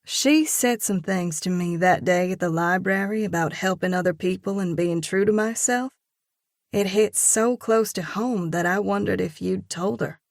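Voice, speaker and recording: A woman's voice: mid-range voice, moderate pace, creaky, dry recording, clean studio sound, close to an everyday voice. A woman reading an audiobook and voicing a torn young female singer who speaks in an earnest, emotional way. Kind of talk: audiobook dialogue.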